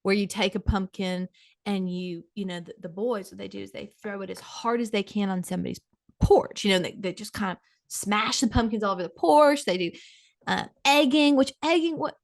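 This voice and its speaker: A woman's voice: mid-range voice, brisk, vocal fry, no echo, studio quality. A middle-aged woman hosting a comedy podcast, telling a dramatic, gossipy story to her co-host.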